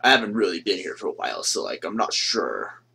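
A man's voice: low-pitched, sing-song, a little fast, gravelly, heavily acted. A man voicing a grumpy, foul-mouthed cartoon character who groans and swears with exaggerated disgust, over background music.

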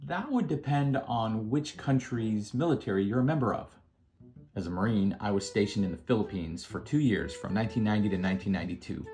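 A man in his fifties with a fairly low voice spins a relaxed, conversational yarn from his service days. He tosses in dry asides straight to the listener, and soft guitar plays faintly behind him. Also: brisk. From United States. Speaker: former Marine telling stories. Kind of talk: casual anecdotal storytelling.

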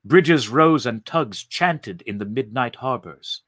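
Male storyteller, slow and animated delivery, forceful tone, dry close sound. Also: medium pitch, dry recording. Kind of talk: dramatic story reading.

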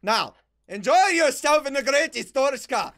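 A man voicing a stern male border inspector with a put-on foreign accent and broken English, loud and proud. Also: very high-pitched, expressive, unhurried, pitched above the performer's own voice, full character voice. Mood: patronizing.

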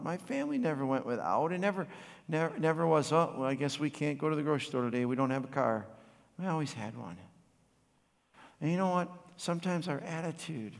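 A pastor in his forties preaching a sermon, swinging from loud passionate bursts to quiet, reflective storytelling. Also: fairly high pitch, vocal fry. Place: church sanctuary. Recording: long hall reverb.

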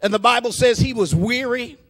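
A male preacher delivering a fervent sermon, calling out to the congregation, peppering his speech with praise and building into shouted, rhythmic refrains. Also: very high voice, a little fast. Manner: fervent, call-and-response preaching.

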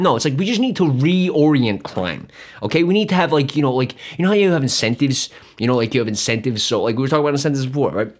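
A man hosting a podcast, ranting in a rambling, profane, sarcastic monologue. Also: on the high side. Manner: profane, rambling, sarcastic, jumps between mock voices. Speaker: podcast host.

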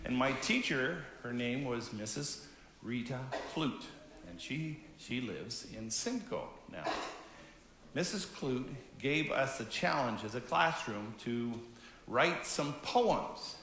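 Slow, gentle pastor in a roomy church. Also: male voice, medium pitch, expressive, a little hiss or hum. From Canada. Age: 50s. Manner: gentle, conversational, talks directly to children. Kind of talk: children's message in a church service. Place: church sanctuary.

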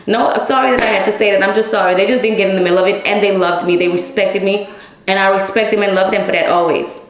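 A woman's voice: medium pitch, fairly even intonation, fast. Blunt swearing woman telling a story. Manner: blunt, heavy swearing, addresses viewers as y'all. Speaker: storyteller vlogger. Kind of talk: casual storytime monologue. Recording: echoey room.

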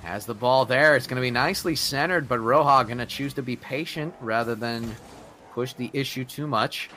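A male esports caster calling the action play by play and building excitement as a goal comes. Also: medium pitch, moderate pace, a little hiss or hum. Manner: builds to excited calls on goals. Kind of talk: play-by-play commentary.

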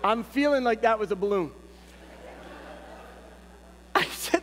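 A middle-aged male pastor preaching a sermon, telling a personal story in a lively, humorous way. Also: sits high, a little slow, pauses often. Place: church sanctuary. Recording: long church reverb, faint hum.

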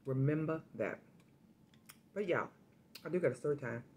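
A woman food vlogger with a fairly low voice, chatting straight to her viewers. She tells stories in an animated, familiar way, like she's catching up with friends. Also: moderate pace, a little hiss or hum. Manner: chatty, addresses viewers directly, animated storytelling. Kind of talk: casual eating vlog with storytime.

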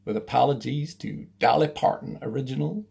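A man casually introducing a song he wrote, soft-spoken and apologetic. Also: mid-range voice, a little fast, vocal fry. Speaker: amateur singer introducing his song.

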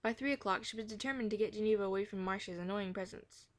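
A woman reading a children's chapter book aloud in a gentle manner, now and then correcting herself. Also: mid-range voice, fast talker. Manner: gentle, with occasional self-corrections. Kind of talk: storybook read-aloud.

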